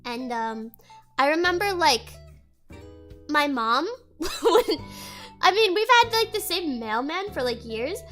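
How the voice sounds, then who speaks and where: A woman's voice: high-pitched, big pitch swings, slow, pauses often, a bit bright, soft background music. A young woman streamer chatting casually with her viewers, rambling and giggling, with a stuffy nose. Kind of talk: casual chat reading chat aloud.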